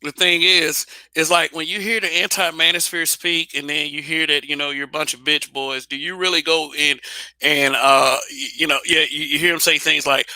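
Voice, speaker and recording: A man holds forth alone in a blunt, casual monologue, swearing freely and tripping over restarts. His voice sits a little high and rings very bright, and the recording is dry and close. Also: fairly even intonation, moderate pace, dry recording. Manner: blunt, repetitive restarts, profane. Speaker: channel host.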